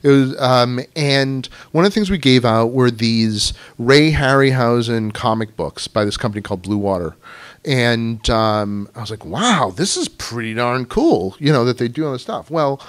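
Chatty man telling stories to a club. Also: medium pitch. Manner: chatty, anecdotal, many "you know" fillers. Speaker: guest speaker at a writers club. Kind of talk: casual storytelling talk to an audience. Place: club meeting room.

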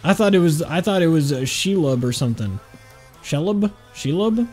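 A man's voice: on the high side, animated, fast, a little mellow, faint music behind. A man giving casual, rambling commentary while playing a video game, joking and often stopping himself with "hold on". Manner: rambling, jokey, keeps saying "hold on". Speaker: gaming channel host.

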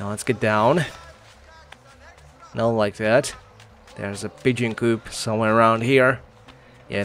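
A man's voice: medium pitch, slight background noise. A man hosting a casual let's-play, chatting, thinking aloud and laughing often as he plays. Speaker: gaming channel host.

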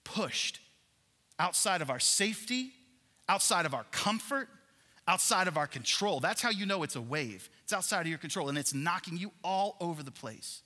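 A man preaches to his congregation in a lively, animated way, often turning questions back to the listeners. His voice sits a bit high for a man and rings bright and forceful. The sound carries the long reverb of a large church hall. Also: moderate pace. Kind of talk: sermon. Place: large church worship center.

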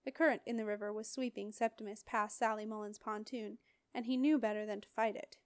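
A woman reading a fantasy novel aloud as an audiobook in an expressive, dramatic storytelling voice. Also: mid-range voice, a little fast, clean tone, no room sound, clean studio sound. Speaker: audiobook reader. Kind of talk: audiobook narration.

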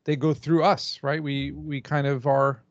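A man's voice: on the high side, flat delivery, a little slow, no echo, muffled recording. A male filmmaker guesting on a podcast, upbeat in casual chat, laughing easily and repeating his words.

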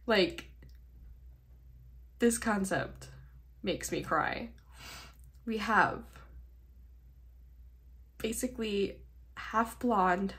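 Slow-talking nasal young woman vlogger. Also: medium pitch. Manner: chatty, gushing and profane. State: sleep-deprived. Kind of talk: casual mail unboxing chat.

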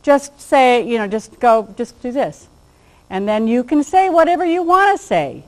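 A woman's voice: on the high side, big pitch swings, normal speed, a little mellow, poor audio. A woman giving an informal lecture on dog behavior to a class, chatty, acting out little bits of dialogue and laughing at her own jokes.

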